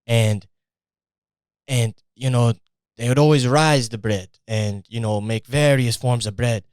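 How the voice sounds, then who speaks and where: A man's voice: medium pitch, a little slow, darkish tone, smooth, dry recording, clean studio sound, pitched below the performer's own voice, lightly acted. A man putting on a fake Italian accent to play a boastful Italian man who insists his family invented famous dishes. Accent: put-on Italian. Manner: insistent and grandiose, brushes off doubt.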